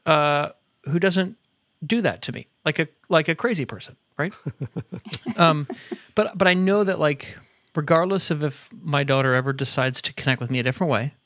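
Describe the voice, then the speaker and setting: Animated man telling a story, slightly high voice. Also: dry recording, studio quality. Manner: animated storyteller, quick bursts and laughter. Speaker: podcast co-host. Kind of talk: casual chat. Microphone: headset earbuds at a desk.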